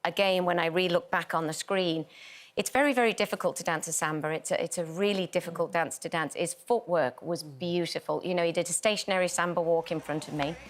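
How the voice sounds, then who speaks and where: A woman in her sixties speaks as a guest on a daytime chat show. She explains herself earnestly and with emphasis, in a voice a little lower than most women's. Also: fairly quick. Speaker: guest, dance show judge. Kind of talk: casual studio chat.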